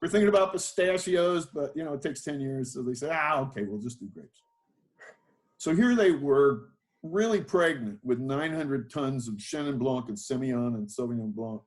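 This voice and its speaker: Interviewed as a guest, an older winemaker drifts from one memory to another while telling his life story, loose and self-deprecating with many fillers and false starts. His middle-pitched voice is expressive and darkish, at a normal speed.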